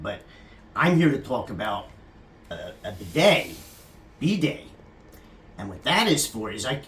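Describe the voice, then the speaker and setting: Crude, rambling man with a lively voice. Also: fairly low pitch, echoey room, slight background noise. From California. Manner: rambling, crude and jokey, often addressing the camera operator by name. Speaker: psychotherapist giving a comic talk. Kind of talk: casual comic monologue to the camera operator.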